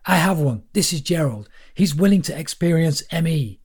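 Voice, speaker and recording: A man with a husky voice playing a manic, pushy man who hectors and shouts. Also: fairly high pitch, animated, normal speed, pitched above the performer's own voice. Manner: insistent, hectoring, shouts at times.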